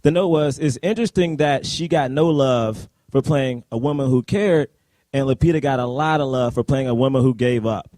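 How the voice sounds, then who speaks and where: A man co-hosting a live podcast discussion of a film, talking in an animated, rambling way with many fillers and laughs. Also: medium pitch, moderate pace, no echo. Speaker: podcast co-host. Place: live event at a university.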